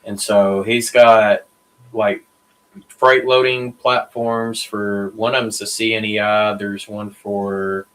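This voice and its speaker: A man's voice: lowish voice, level tone, slow, fairly bright tone, rough recording. A man explaining things casually on a video call, easygoing with many fillers. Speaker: guest. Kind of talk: casual chat.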